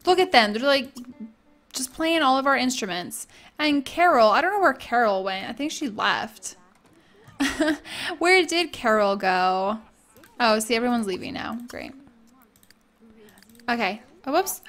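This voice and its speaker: A woman's voice: sits high, lively intonation, moderate pace, a bit bright, soft background music. A young woman giving casual, bubbly let's-play commentary, gushing and chatting with her viewers and characters. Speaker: gaming YouTuber.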